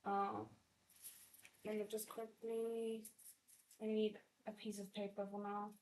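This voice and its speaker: A woman reading a novel aloud in a readalong, excitable and stopping to react with chatty asides. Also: medium pitch, slow, echoey room, a little hiss or hum, rough recording. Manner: excitable, breaks off to react and comment.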